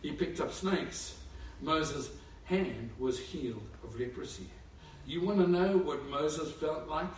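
A man preaching a sermon with animated storytelling, who lives in Africa. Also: a little high, slow pace, few pauses, a little hiss or hum. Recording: echoey room, far from mic.

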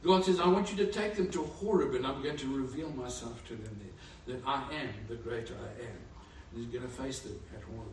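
Animated preacher in an echoey church. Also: male voice, medium pitch, brisk, few pauses, noisy background. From Africa. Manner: animated storytelling with laughter. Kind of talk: sermon. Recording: echoey room, far from mic.

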